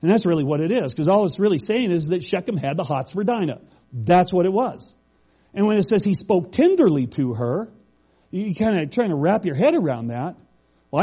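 A middle-aged pastor preaches in a relaxed, conversational way, reading verses aloud and then explaining them plainly. His voice sits fairly high for a man and swings widely in pitch. The tone is warm and a little breathy. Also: moderate pace. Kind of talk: sermon.

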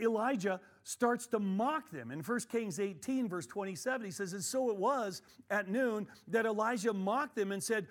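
A middle-aged man leads a Bible study in a loose, conversational way. His voice sits a little high, and he often doubles his words and leans on fillers as he talks. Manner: conversational and animated, many fillers and repeated words. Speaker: pastor teaching a Bible study.

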